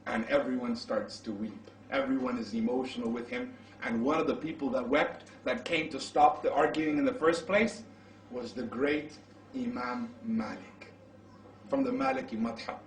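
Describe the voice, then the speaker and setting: A man preaching, telling a story dramatically and rising to shouts at the climax. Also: mid-range voice, animated, moderate pace, slight background noise. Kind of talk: storytelling sermon. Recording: roomy hall, mic far off.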